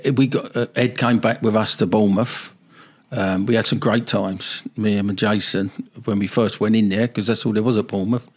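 An older man, a former football manager, telling rambling anecdotes in a casual interview. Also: lowish voice.

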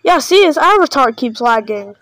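High-voiced woman, mock-panicked and sarcastic. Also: big pitch swings, normal speed, a bit bright, rough recording. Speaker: video creator reacting to videos. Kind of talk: casual reaction commentary.

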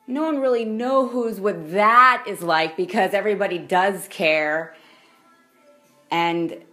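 A young adult woman ranting in a vlog, blunt and profane, swinging between loud outbursts and quiet mutters. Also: medium pitch. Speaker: vlogger.

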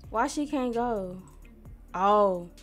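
With lively intonation at a medium pitch and faint music behind, a young woman from Missouri, USA, plays a life-sim game on her YouTube channel. Chatty and slangy, she talks to herself and the characters and gets annoyed quickly.

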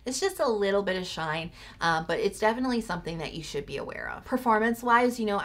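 A woman's voice: lowish voice, a bit bright. A woman vlogger chatting enthusiastically through a skincare product review, laughing now and then. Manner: chatty, enthusiastic, laughs often, frequent "like" and "you know". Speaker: beauty vlogger reviewing sunscreens. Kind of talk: casual product review to camera.

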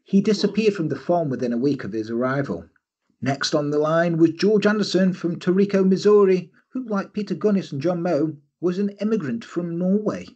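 A man's voice: sits high, expressive, moderate pace, mellow, husky, highs cut off. A man hosting a podcast, recounting a true-crime story in a jokey way and riffing on it. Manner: jokey, giggly, reads aloud then riffs. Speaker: podcast host.

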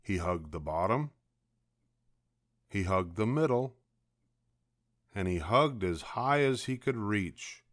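Older man, grandfatherly storybook reader, low voice with lots of lilt, dry close sound. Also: no room sound. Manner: slow, expressive read-aloud. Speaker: children's book reader. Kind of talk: bedtime story reading.

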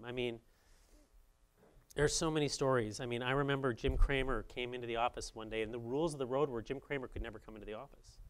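A man in his fifties from Saint Paul tells his own story to an audience. His voice sits at an ordinary middle pitch and stays conversational. He leans hard into some phrases, then drops almost to a murmur. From Saint Paul, Minnesota, US. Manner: conversational, swinging between emphatic and quiet. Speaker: speaker at a journalism institute. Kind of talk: personal storytelling talk to an audience.

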